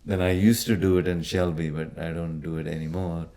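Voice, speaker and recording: A man with an Indian accent, a podcast guest talking casually, often pausing and restarting. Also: deep voice, flat delivery, warm tone. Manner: hesitant, many restarts and fillers. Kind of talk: casual conversation.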